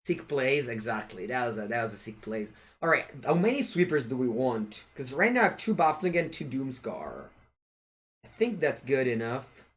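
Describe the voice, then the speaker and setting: An Italian-accented streamer commentates his own card game live, playfully chatting with viewers and taunting his opponent. His mid-range voice is very animated and a bit bright, moving at normal speed.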